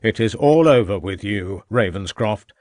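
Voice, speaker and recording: Casting: a man playing a gloating, murderous Victorian gentleman villain, low sneering voice, dry close sound. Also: lively intonation, a little slow, dry recording. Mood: mocking.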